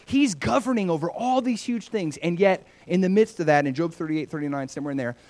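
A male pastor preaching a sermon in a conversational, animated way, swinging between loud, bright lines and soft, hushed ones. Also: on the high side, a little fast.

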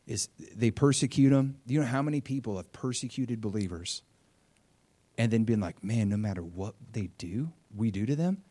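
A man preaching a sermon, telling a story with lively swings between loud, high bursts and quiet, low asides, and acting out the quotes. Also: slightly rough, dry recording. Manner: animated storytelling, acting out quotes with big swings in pitch and loudness. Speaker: pastor.

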